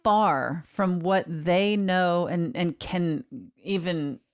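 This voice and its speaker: Woman, comedy podcast co-host, slow smooth delivery, dry deadpan humor. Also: lowish voice. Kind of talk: casual comedic chat.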